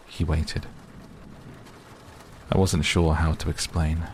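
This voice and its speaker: Deep, gravelly male bedtime narrator. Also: flat delivery, a little slow, long pauses, a little mellow, slight background noise. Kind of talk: bedtime story reading. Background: faint rain.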